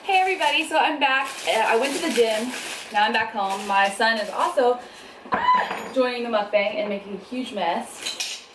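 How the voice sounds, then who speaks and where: A woman's voice: a little high, normal speed. A young woman chatting casually in a mukbang vlog, laughing often and talking between bites at home. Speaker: vlogger. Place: home, indoors. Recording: echoey room, faint background noise.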